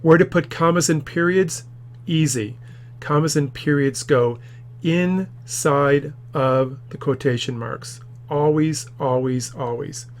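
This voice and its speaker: A man's voice: fairly high pitch, slow. Man teaching punctuation from his office. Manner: explains patiently, acts out quoted lines with loud shouts. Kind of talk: grammar tutorial.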